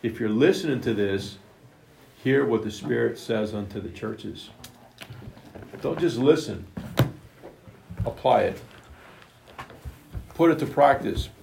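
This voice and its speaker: A man delivers an emphatic sermon, retelling scripture in plain, everyday words. His voice is gravelly and sits at a middle pitch. The room around him rings with echo. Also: lively intonation, slow, long pauses, slight background noise. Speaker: preacher. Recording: echoey room.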